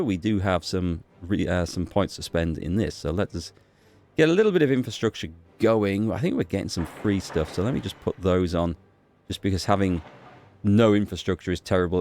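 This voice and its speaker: Deep-voiced man musing over a strategy game. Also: animated, brisk, a little mellow. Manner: thinks aloud, musing with fillers and small restarts. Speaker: gaming YouTuber. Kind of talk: casual gameplay commentary.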